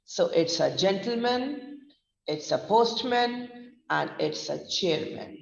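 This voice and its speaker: An Indian woman trainer explains pronunciation slowly and spells words letter by letter. Her voice has a slight gravelly edge. She sounds far from the mic in a long-echoing, dull-sounding room. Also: mid-range voice, expressive. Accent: Indian English. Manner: slow deliberate spelling-out, mixing Hindi. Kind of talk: online vocabulary lesson. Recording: echoey distant lo-fi room mic.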